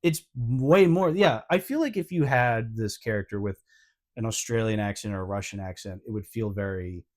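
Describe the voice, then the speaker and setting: A man co-hosting a podcast in casual chat, relaxed and easygoing as he tells anecdotes. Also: lowish voice, normal speed. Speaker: podcast co-host. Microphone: podcast microphone.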